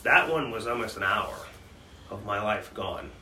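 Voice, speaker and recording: An unhurried man with a fairly low voice co-hosts a podcast, earnestly recounting hard memories in conversation and restarting often. The sound is roomy, picked up by a distant mic with faint background noise.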